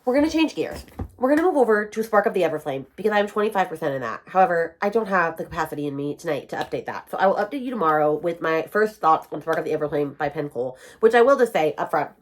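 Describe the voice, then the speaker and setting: An animated woman with a twang chats through a casual reading vlog. She rants about books and slips into quick voices for the characters she quotes. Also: on the low side. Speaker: book vlogger.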